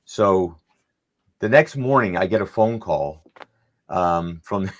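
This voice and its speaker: Taking it slowly, a middle-aged podcast panelist with a low-pitched, expressive voice spins a lengthy, rambling tale. He voices the quoted lines himself as part of his casual storytelling.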